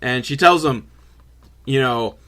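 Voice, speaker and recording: A young man recapping a film for laughs in an animated, swearing manner, slipping into voices for the characters. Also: mid-range voice, slow. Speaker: host reacting to a film.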